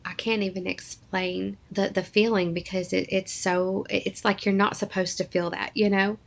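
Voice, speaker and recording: Gravelly-voiced woman sharing an emotional story. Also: mid-range voice, flat delivery, normal speed. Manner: earnest, emotional storytelling with acted-out quotes. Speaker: podcast guest. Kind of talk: personal storytelling in a podcast interview.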